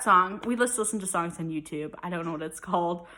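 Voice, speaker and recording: A woman's voice: on the low side, a little fast, few pauses, bright, forceful tone. A young woman chatting casually in a vlog, rambling with lots of fillers. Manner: chatty and rambling, many likes and ums. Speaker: mom vlogger. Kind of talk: casual chat.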